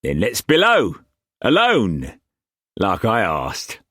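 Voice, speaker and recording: A brash pirate captain in his thirties drawls and croons every word, slow and cocky. The voice sits high above the reader's own. The recording is dry and close. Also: huge pitch swings, a bit bright, slightly rough, no echo, exaggerated voice. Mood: sly. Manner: slow, drawling, sing-song calls.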